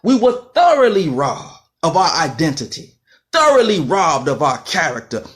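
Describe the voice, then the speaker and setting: A man's voice: on the high side, huge pitch swings, moderate pace. A man giving an impassioned lecture in a fiery, rhythmic way, repeating phrases for emphasis.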